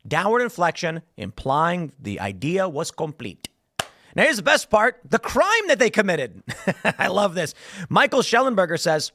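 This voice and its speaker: A man hosts a political commentary show in a high, very lively voice that swings up and down. He riffs with sarcastic asides. The sound is close and dry. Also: unhurried, no room sound. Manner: animated, sarcastic, riffing asides. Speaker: host.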